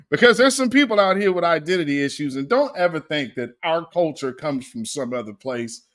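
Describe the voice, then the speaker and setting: A man hosting a casual livestream, reacting to clips with animated commentary, laughing often and greeting viewers by name. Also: a little high, moderate pace.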